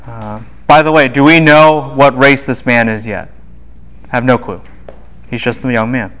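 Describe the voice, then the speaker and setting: A man giving a university Bible lecture, lively and quizzing the class with quick asides. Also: medium pitch, clear, resonant tone, low-quality recording.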